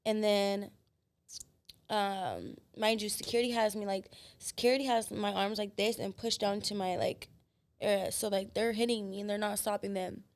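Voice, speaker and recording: A woman guest on a podcast, telling her story in a blunt, profane and animated way. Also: medium pitch, moderate pace. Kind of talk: casual storytelling chat.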